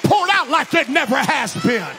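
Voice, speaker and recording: A pastor preaching a Pentecostal sermon in a church, shouting in a sing-song preaching cadence. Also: male voice, very high-pitched, expressive, normal speed, vocal fry, music in the background.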